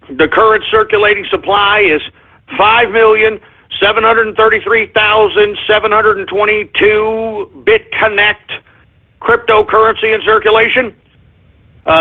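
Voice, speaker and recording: A male talk radio host delivering an excitable, flustered monologue, often stumbling and apologizing. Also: high-pitched. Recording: phone-like lo-fi radio sound.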